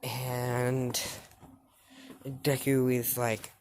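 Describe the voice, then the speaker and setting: A woman with an unusually deep voice tells a fan story slowly and casually. She rambles, restarts often and leans on fillers. A noisy hiss runs under the recording. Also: level tone, a little mellow.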